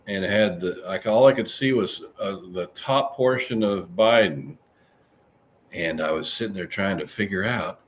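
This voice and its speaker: A man hosting a live-stream podcast, chatting casually and rambling as he reads out viewer comments. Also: a little hiss or hum. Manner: chatty, rambling, animated swings in pitch. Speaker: livestream podcast host.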